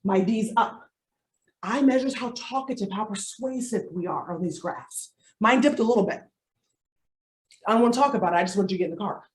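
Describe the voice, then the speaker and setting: A woman giving a live workshop as a coach, animated and playful, with comic asides to her audience. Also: medium pitch, a little fast. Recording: echoey room, distant mic.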